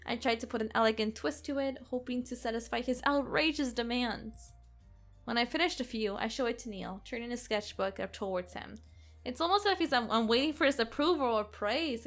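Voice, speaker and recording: Expressive woman reading a game story. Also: a little high. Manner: expressive, sarcastic, occasional giggles. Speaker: let's play host. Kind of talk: reading a visual novel aloud.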